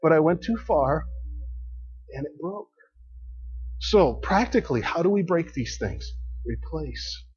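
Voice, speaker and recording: A man preaching in a relaxed, conversational way, laughing often and swinging between quiet and emphatic. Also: a little high, a little slow, long pauses, husky, highs cut off. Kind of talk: sermon.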